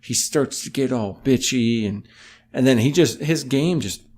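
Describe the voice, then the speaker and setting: A man with a voice of average pitch joins a relaxed podcast chat about football. He mostly answers with quick agreements and now and then gives a short opinion of his own. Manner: chiming in with short agreeing remarks. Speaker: podcast co-host. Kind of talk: casual sports chat.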